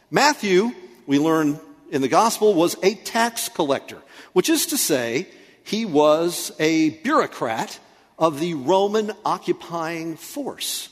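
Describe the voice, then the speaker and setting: Guy preaching, kinda high voice, chatty jokey sermon, echoey big church sound. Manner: conversational preaching with playful asides. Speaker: pastor.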